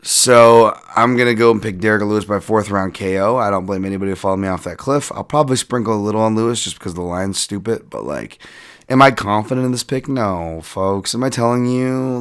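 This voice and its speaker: A man hosting a solo podcast, breaking down fights in a casual, animated way, swearing and laughing as he rambles through asides. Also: fairly low pitch, a little fast. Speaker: podcast host and fight analyst.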